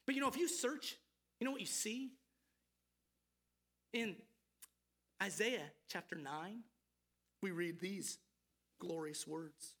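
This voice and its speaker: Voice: medium pitch, takes it slowly, pauses often, a bit bright. A preacher giving a morning sermon, asking listeners earnest rhetorical questions and lifting the voice when reading scripture aloud.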